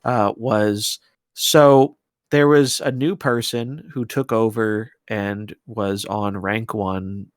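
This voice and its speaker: A man's voice: on the low side, fairly even intonation, slow, no room sound, clean studio sound. A man co-hosting a gaming podcast, talking loosely and conversationally and laughing often. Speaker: podcast co-host. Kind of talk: casual podcast chat.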